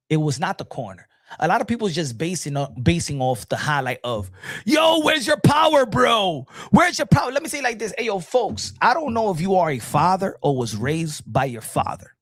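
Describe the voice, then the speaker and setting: A middle-aged man hosting a casual boxing talk show, animated and repetitive, talking straight to his viewers in the chat. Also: fairly high pitch, no echo, clean studio sound. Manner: animated, repeats himself, addresses folks in the chat.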